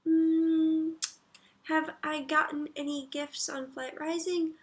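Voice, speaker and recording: Female streamer, high voice with vocal fry, unhurried casual chat, reads comments aloud. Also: flat delivery. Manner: reads viewer comments aloud and murmurs soft asides. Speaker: livestreamer.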